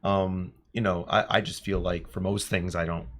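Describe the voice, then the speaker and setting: Easygoing low-voiced male teacher. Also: little pitch movement, normal speed, a bit bright. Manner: joking, self-deprecating, easygoing. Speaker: teacher, podcast co-host. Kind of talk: casual chat.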